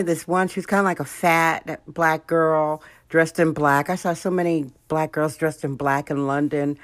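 A woman's voice: low voice, no echo. An American woman hosting a podcast, telling stories in a casual monologue and acting out the voices of people she quotes. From United States. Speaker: podcast host.

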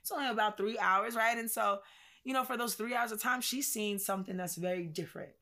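A woman's voice: medium pitch, a little fast, bright, forceful tone. A woman co-hosting a podcast, telling a personal story in a casual, reflective way with slang and plenty of fillers. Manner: reflective, conversational, uses slang and many fillers. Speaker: podcast co-host.

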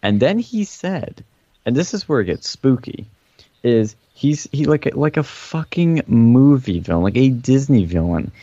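A man's voice: mid-range voice, big pitch swings, measured pace, mellow, no echo, highs cut off. Fired-up man telling a rambling story. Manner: rambling, profane, fired-up retelling. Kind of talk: casual podcast chat.

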